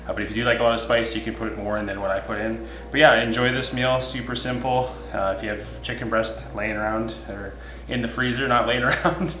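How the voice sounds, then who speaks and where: A man hosting a home cooking show, walking through each step of a recipe in a relaxed, chatty way with frequent filler words. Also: mid-range voice, brisk, roomy sound, slight background noise, low-quality recording. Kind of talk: casual cooking demonstration. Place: home kitchen.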